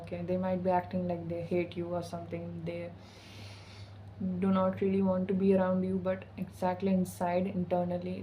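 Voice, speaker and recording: Casting note: a woman with a low, flat voice, easygoing and sassy as a spiritual vlogger, profane slang throughout. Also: slight background noise, poor audio. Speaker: intuitive spiritual channeler. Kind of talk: casual spiritual message vlog.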